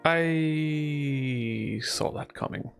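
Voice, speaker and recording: A young man chatting casually about a game, talking in a halting way with many fillers. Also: fairly high pitch, creaky, music in the background. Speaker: co-player. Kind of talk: casual chat.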